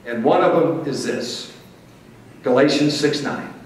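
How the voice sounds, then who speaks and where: A man's voice: medium pitch, a little slow. A middle-aged man from Missouri, giving a folksy acceptance speech as a motivational speaker. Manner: folksy, warm storytelling with playful crowd asides. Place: large banquet hall. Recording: echoey hall, distant mic, faint hiss.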